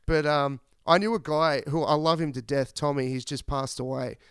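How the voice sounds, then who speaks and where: A podcast host telling rambling, profane stories in casual chat. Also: male voice, a little high, normal speed, fairly bright tone, clear, resonant tone, no room sound, studio quality. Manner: rambling, profane, laid-back.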